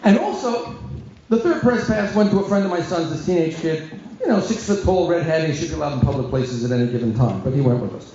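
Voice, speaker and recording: Animated rabbi telling funny stories. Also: male voice, fairly high pitch, quick pace, noisy background. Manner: animated, self-mocking, comic timing. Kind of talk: comic storytelling talk to an audience. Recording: echoey hall, dull sound.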